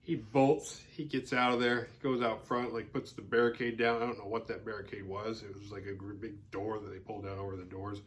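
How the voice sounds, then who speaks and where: A man's voice: fairly low pitch, level tone, a little fast, hardly any pauses, a little hiss or hum. A man hosting a horror film podcast, casually retelling a movie's plot in a loose, rambling way with lots of "like" fillers and a wry aside now and then. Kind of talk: casual spoken film recap.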